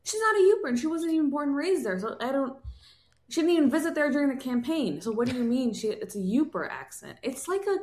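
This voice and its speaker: A woman co-hosting a podcast in casual political chat, animated and emphatic, with exasperated asides. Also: high-pitched, quick pace. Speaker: podcast co-host. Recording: roomy echo.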